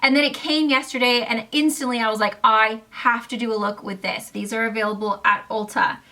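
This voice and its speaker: A woman's voice: on the high side, steady tone, brisk, bright, forceful tone. A woman beauty vlogger reviewing makeup palettes to camera in a bubbly, gushing, chatty way. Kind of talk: casual product review to camera.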